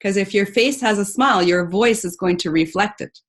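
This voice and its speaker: A woman's voice: medium pitch, moderate pace. A woman hosting a casual book discussion, talking enthusiastically and reading passages aloud. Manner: enthusiastic, animated with quoted voices.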